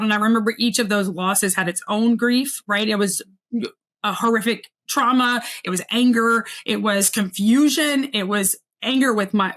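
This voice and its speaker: A woman's voice: fairly high pitch, fairly bright tone. Earnest woman telling a personal story. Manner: earnest, reflective, slows down at painful moments. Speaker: guest. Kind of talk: personal storytelling in a podcast interview.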